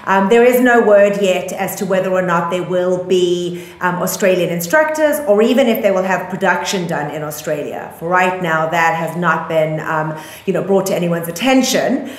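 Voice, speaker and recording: A woman's voice: on the low side, normal speed, roomy sound. A woman with a South African accent co-hosting a casual news podcast, chatty and full of ums, laughing easily. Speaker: podcast co-host.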